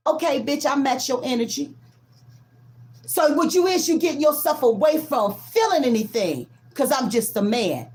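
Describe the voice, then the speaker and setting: A woman giving a casual collective tarot reading, talking bluntly and profanely with drawn-out emphatic stresses. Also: high-pitched, animated, a little mellow. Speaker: tarot reader.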